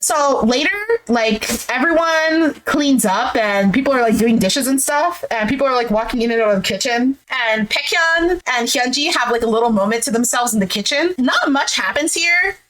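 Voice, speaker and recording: A woman's voice: a little high, lively intonation, moderate pace, fairly bright tone, poor audio. A woman casually recapping a reality show, blunt and opinionated, with lots of "like" fillers. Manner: chatty, heavy use of "like" fillers. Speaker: recap vlogger.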